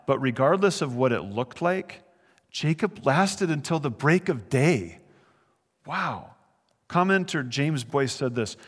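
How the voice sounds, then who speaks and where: A man's voice: mid-range voice, in a large hall. A man preaching a verse-by-verse sermon as a pastor, conversational and earnest, with brief chuckles. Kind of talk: sermon, verse-by-verse Bible teaching.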